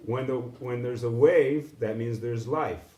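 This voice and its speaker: A man teaching a live instrument lesson, halting with frequent restarts and singing syllables to demonstrate sounds. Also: mid-range voice, a little mellow. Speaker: music teacher. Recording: echoey room with background noise.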